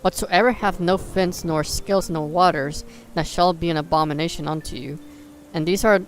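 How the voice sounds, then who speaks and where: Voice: mid-range voice, fairly even intonation, moderate pace, a little hiss or hum. A livestreamer reading scripture aloud in a casual way, tripping over old words and restarting. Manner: breaks off into joking asides.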